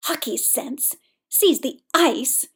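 A woman's voice: a little high, takes it slowly, a little mellow. A woman voicing a dramatic, pouty adult man who whines indignantly. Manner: whiny, indignant. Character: dramatic adult male skating coach, pouty.

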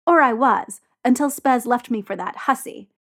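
A woman's voice: on the high side, moderate pace, fairly bright tone. A woman reading aloud and voicing a brash, theatrical young man who teases and snaps. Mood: hamming it up. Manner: theatrical, mocking, then snapping. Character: brash teasing young man, hot-tempered.

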